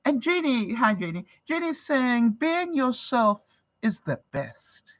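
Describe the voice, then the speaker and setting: A woman's voice: fairly high pitch, sing-song, takes it slowly, dry recording. An older woman from Canada, a vlogger chatting casually with her viewers, laughing often and asking rhetorical questions. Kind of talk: casual livestream chat.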